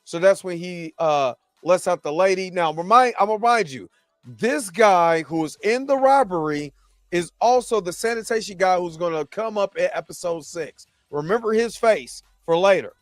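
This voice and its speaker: Man, high voice, AAVE, animated casual recap host, dry close sound, faint music behind. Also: moderate pace, no room sound. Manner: animated, acts out characters' lines in his own voice. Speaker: show host.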